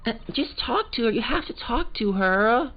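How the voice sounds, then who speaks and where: A man raises his voice to an extremely high pitch to play an eager sixteen-year-old girl scientist with a Valley Girl sound; the character is an aspiring scientific investigator. He's animated and speaks at normal speed. The audio is muffled with game music in the background.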